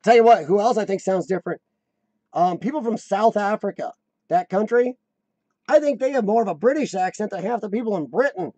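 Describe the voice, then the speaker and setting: A rambling, joking American man chats on his live stream, his voice pitched high with a mellow, dark edge. The sound is dry and close, with no room echo. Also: fairly quick. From United States. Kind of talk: casual live-stream chat.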